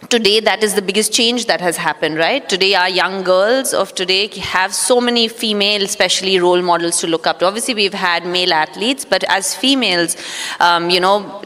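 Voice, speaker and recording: A woman, a guest telling her story at an on-stage interview in a measured, reflective way, with many fillers. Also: mid-range voice, a bit bright. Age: 30s. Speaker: guest, former athlete. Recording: echoey hall.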